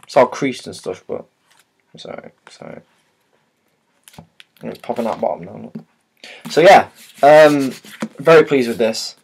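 Rambling man unboxing a book. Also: medium pitch. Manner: rambling, hesitant, many fillers and restarts. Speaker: vlogger. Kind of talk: casual book unboxing chat.

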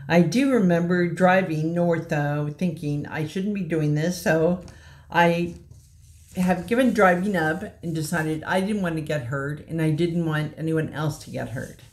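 Slow, shaky-voiced woman in her sixties. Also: fairly low pitch, a little mellow. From Kansas City, USA. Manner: slow, halting, earnest delivery with pauses. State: slightly shaky voice. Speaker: patient telling her own story. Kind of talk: personal testimony at a meeting.

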